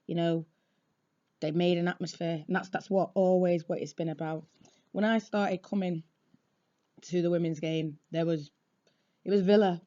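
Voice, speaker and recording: A woman telling a blunt, lively story, warm voice. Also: on the low side, dull audio. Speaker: football supporter. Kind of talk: casual storytelling.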